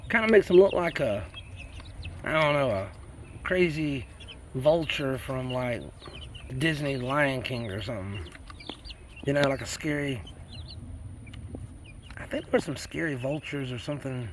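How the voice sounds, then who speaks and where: A man from South Carolina rambles a little slowly with frequent pauses, his mid-range voice animated, while slight background noise carries in. He hosts a homesteading channel outside on his farm near the chickens, folksy and chatty with lots of y'all.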